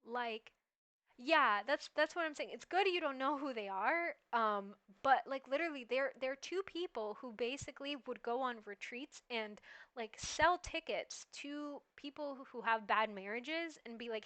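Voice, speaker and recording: A woman streamer chatting casually in reaction to a video, rambling and animated with lots of "like". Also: high voice, normal speed, smooth. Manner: rambling and animated, heavy use of "like".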